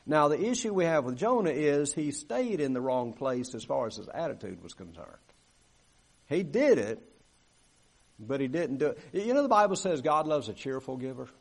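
A man's voice: a little high, big pitch swings, moderate pace, creaky, husky. A man preaching a sermon in a church, talking conversationally, asking for amens and acting out quoted grumbling. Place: church sanctuary.

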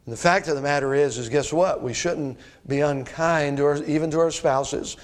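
Male pastor, middle-aged, slightly raised pitch, plainspoken folksy sermon delivery. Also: normal speed. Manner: folksy, direct address to congregation, frequent "uh" and rhetorical questions.

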